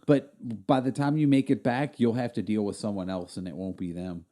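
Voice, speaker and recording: Brief: low-voiced podcast co-host man, relaxed and meandering, uses "like" and "you know" a lot. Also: brisk. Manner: laid-back, rambling, with frequent fillers. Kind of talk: casual chat.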